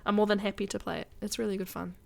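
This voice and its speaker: A woman's voice: mid-range voice, flat delivery, very fast, gravelly. A woman chatting casually with her viewers while she plays a game on a live stream. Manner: chatty, addresses viewers directly.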